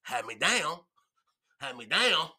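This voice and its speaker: A man's voice: fairly high pitch, very animated, slow pace, sharp tone. A man chatting casually as a podcast guest, boisterous and profane, laughing often. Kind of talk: casual chat.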